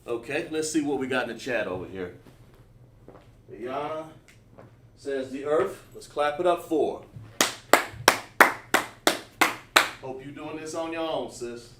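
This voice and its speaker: A man's voice: medium pitch, a little slow, pauses often, background noise. A man teaching a livestreamed lesson, talking while he writes on a board, with many fillers and restarts. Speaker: Hebrew teacher. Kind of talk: livestream class. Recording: roomy echo, mic at a distance.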